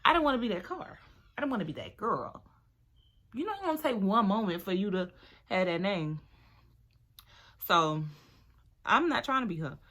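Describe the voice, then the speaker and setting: Young woman vlogger, bright forward voice, animated storytime chat at home. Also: mid-range voice, moderate pace, long pauses. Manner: chatty, animated, talks to viewers as "girl". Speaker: beauty vlogger.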